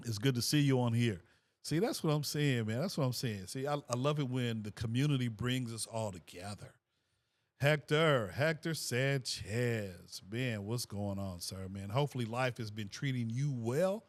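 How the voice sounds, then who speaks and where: A middle-aged man, a fifth grade teacher, hosting a casual livestream and reading viewers' comments aloud in a relaxed way, repeating phrases and laughing often. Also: mid-range voice, moderate pace. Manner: laid-back, repeats himself, frequent laughs.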